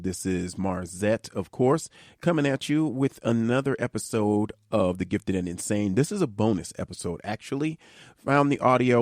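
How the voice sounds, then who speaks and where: A man hosting a podcast, his voice nasal and congested from a cold. He sits fairly low in pitch and speaks in a loose, easygoing way, with fillers scattered through his talk. The sound is dry and close, with no room around it. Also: a little mellow, no room sound. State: congested, under the weather. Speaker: podcast host. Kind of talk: casual podcast chat.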